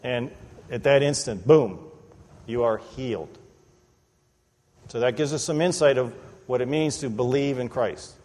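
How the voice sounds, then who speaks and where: A man preaching an expository sermon in a church, animated and conversational, often acting out the people he quotes. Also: medium pitch, a little slow, long pauses. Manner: animated, acts out quoted voices, conversational asides. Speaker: pastor. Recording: long reverb of a large hall.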